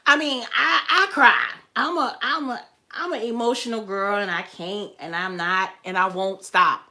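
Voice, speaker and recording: A woman's voice: medium pitch, measured pace, hardly any pauses, sharp tone. A woman chatting casually on a live stream, emotional and repetitive. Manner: emotional, chatty, repeats herself. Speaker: livestreamer.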